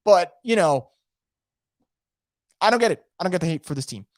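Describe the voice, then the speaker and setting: A man hosting a casual live sports podcast from home, energetic and opinionated, rambling with frequent restarts. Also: high-pitched, moderate pace, no room sound, studio quality. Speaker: podcast host. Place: home room.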